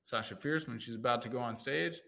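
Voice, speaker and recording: Animated man coaching in conversation. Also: a little fast, creaky, background noise. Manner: animated, acts out quoted inner voices with jumps in pitch. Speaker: life coach and NLP practitioner. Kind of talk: casual conversational interview.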